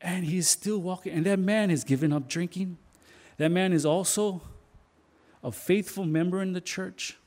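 A man preacher telling a story in his sermon, halting now and then and repeating words. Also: sits high, darkish tone.

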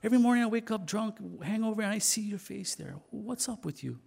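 A man's voice: high-pitched, brisk, gravelly, a little mellow, husky, voice pushed up, full character voice. A man preacher voicing a bewildered, pleading drunk man who fires off insistent questions.

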